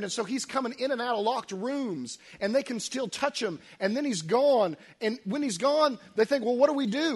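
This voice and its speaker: A middle-aged man preaching a sermon, emotional and storytelling, dropping to quiet, near-whispered lines at tender moments. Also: very high voice. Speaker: pastor.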